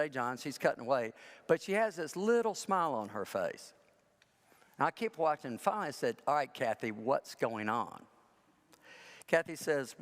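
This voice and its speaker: A man preaching a chatty sermon, full of self-deprecating humor and acting out people in his stories. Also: mid-range voice. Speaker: pastor. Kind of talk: conversational sermon with storytelling. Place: large church sanctuary. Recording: church with long reverb.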